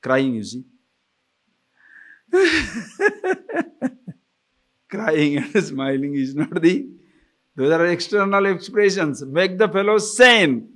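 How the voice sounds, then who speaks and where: A man giving a scripture discourse as a spiritual teacher, animated and laughing often, asking his listeners questions. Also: high-pitched, slow, long pauses.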